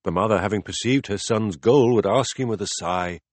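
A man voicing a patient philosopher who explains ideas step by step in a measured, deliberate audiobook reading. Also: lowish voice, dry recording, lightly acted. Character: calm, patient male teacher explaining ideas. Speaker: philosopher in a dialogue.

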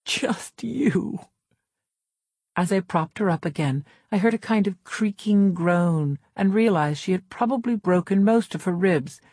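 A woman narrating a novel in the first person, in a measured, reserved way. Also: fairly low pitch, mellow, dry recording, studio quality. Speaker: audiobook narrator. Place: recording studio. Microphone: close studio mic.

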